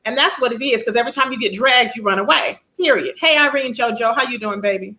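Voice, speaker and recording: Woman streamer, high and sharp-toned, sassy and chatty, reading out chat as she talks. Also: fast talker, poor audio. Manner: sassy, chatty, reads chat comments aloud. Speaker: livestream host. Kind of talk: casual livestream commentary.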